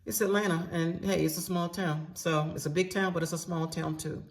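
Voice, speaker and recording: Brisk and fairly even in intonation, this lowish-voiced middle-aged woman shares something from her own life as a laid-back storytime monologue. Addressing her audience head-on, she stays candid and emphatic, peppering it with salty slang.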